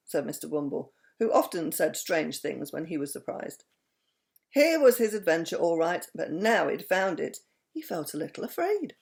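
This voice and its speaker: A woman reading a children's story aloud in an expressive, animated way. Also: on the low side, moderate pace, creaky.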